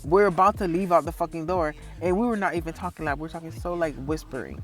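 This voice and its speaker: A man's voice: a little high, fast, soft background music. A man telling a story in a casual, profane vlog rant and laughing often. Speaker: vlogger.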